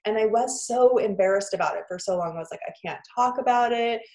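A woman's voice: on the high side, brisk, a little mellow. A woman in her thirties, a trauma therapist, tells her personal story in an interview in an earnest, emotional way, with lots of "like" fillers. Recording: roomy echo.

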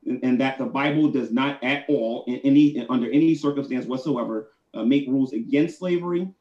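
Male debater, combative and insistent, rapid delivery, roomy lo-fi audio. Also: medium pitch. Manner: combative, repeats himself, talks over others. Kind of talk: heated online debate.

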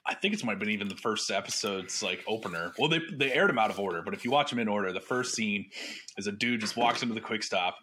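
A man's voice: fairly low pitch, fast talker, slight background noise. A man co-hosting a casual podcast, teasing his friend and acting out scenes as he tells them. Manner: teasing, animated storyteller who acts out quotes. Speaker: podcast co-host. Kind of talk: casual chat. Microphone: podcast microphone.

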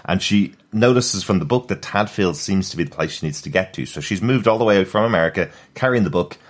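A man's voice: sits low, expressive, a little fast. A man co-hosting a casual podcast, chatty and laughing often as he discusses a TV episode. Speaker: podcast co-host.

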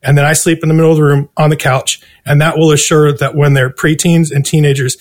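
A man with a notably high-pitched speaking voice tells a rambling story with heavy swearing. He slips into loud, excited impressions of himself and others as he goes. It sounds like a relaxed guest chat. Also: fast talker. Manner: profane, animated, acts out his own quotes. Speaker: guest musician. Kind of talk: casual storytelling.

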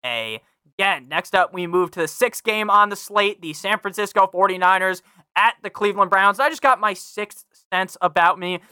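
A man's voice: sits high, moderate pace, sharp tone, clean tone, dry recording, clean studio sound. A young man hosting a fantasy football podcast, talking casually, brash and foul-mouthed, speaking straight to his listeners. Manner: brash, swears freely, talks to listeners directly; reads a sponsor ad. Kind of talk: casual profane sports analysis.

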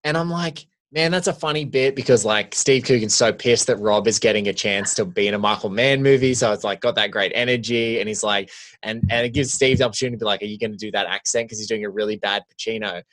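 A man co-hosting a casual film podcast, talking in long, rambling, animated stretches full of "like". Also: on the low side, fast. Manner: rambling, animated, heavy use of "like". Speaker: podcast co-host.

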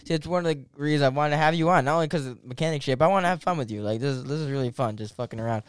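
Twenties male host, bright high clear voice, animated and swearing, dry booth sound. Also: very fast, no echo. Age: 20s. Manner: animated storyteller, laughs often, swears casually. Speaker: podcast host. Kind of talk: casual chat.

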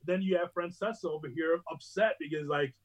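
A man with a husky, slightly raised voice chats casually as a sports radio host. He tells lively stories and breaks into loud impressions of other broadcasters. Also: a little high, brisk, low-quality recording. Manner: animated storytelling, mimics other hosts loudly. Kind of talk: casual conversation between radio hosts.

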